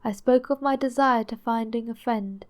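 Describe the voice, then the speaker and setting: A woman narrating a classic novel for an audiobook, her voice sitting a little high. She keeps a measured, steady reading pace throughout. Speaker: audiobook reader.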